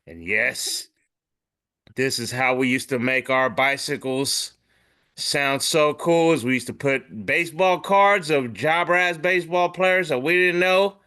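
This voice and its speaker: A man hosting a podcast, casually describing memes and jumping into animated voices for the captions. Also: a little high, a little slow, clean tone. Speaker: podcast host.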